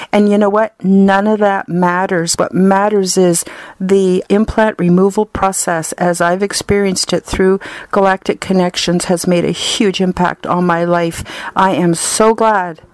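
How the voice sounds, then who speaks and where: A woman's voice: mid-range voice, little pitch movement, unhurried, no echo. Earnest woman, dry close sound. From Canada. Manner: earnest, effusive and heartfelt. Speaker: client giving a testimonial. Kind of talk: personal spoken testimonial.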